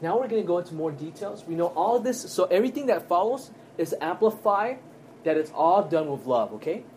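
A man teaching a Bible study class, earnest and emphatic, often checking in with his listeners with quick tag questions. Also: sits high, big pitch swings, a little mellow, a little hiss or hum.

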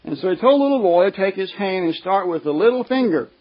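Male preacher, higher-pitched voice, slow emphatic sermon delivery, dull lo-fi sound. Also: animated. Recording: dull, lo-fi recording.

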